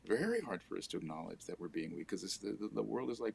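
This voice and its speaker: A middle-aged man co-hosting a casual live chat with viewers, speaking earnestly and growing animated when he acts out everyday exchanges. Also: on the low side, quick pace, vocal fry, breathy edge. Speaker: co-host.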